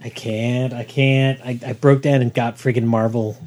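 A man's voice: medium pitch, level tone, normal speed, darkish tone. A man co-hosting a podcast in casual chat, wry and joking. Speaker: podcast co-host.

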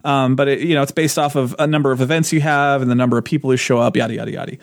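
A man's voice: mid-range voice, fairly even intonation, rapid-fire, creaky, no room sound. A man co-hosting a podcast, chatting casually about board game news, laughing often and restarting his sentences. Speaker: podcast co-host.

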